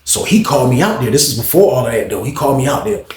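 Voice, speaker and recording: A man's voice: mid-range voice, very animated, rapid-fire, reverberant, a little hiss or hum. A man telling a long personal story to the camera, slangy, profane and conversational. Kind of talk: storytelling monologue.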